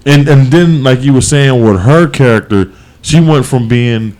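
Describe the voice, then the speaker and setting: A man co-hosting a podcast, talking casually in a rambling, animated way with many restarts and fillers. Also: mid-range voice, unhurried. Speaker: podcast co-host. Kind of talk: casual chat.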